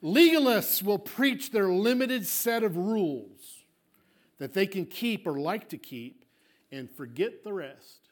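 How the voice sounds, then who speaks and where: Emphatic high-voiced male pastor preaching. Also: lively intonation, slow. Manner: emphatic, swings from loud declarations to hushed asides; acts out congregants' objections in a small voice. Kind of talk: sermon.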